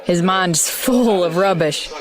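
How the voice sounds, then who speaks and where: A woman's voice: on the low side, slow, crowd noise. Jeffrey: a woman reading a sulky sarcastic young man.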